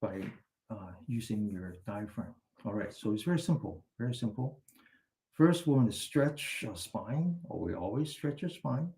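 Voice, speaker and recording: Mellow-voiced man leading a meditation class. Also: on the low side, lively intonation. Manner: gentle instructing, slow drawn-out commands, chatty storytelling. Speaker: meditation teacher. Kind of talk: guided exercise and anecdote in a class.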